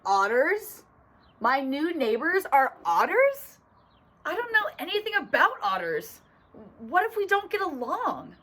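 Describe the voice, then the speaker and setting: A woman doing a high, fretful storybook rabbit. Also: very animated, measured pace, pushed and bright, exaggerated voice. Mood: worried. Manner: anxious, fretting questions, high and drawn out. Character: nervous, fretful male rabbit, worried about new neighbors.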